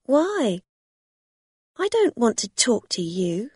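A woman voicing a young swindler who is defensive, protesting in a high, tense voice. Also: sing-song, takes it slowly, a little mellow, breathy edge, dry recording, studio quality, full character voice.

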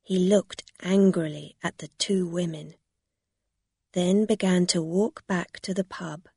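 A woman narrating a story in a slow, deliberate reading. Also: on the low side, steady tone, creaky, warm tone, slightly rough, no echo, clean studio sound.

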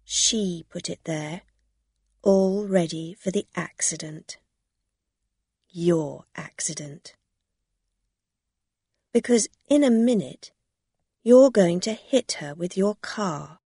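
A woman voicing a shrewd, determined woman who calmly confronts a swindler. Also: fairly low pitch, slow pace, long pauses, husky, no echo, clean studio sound, full character voice. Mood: firm.

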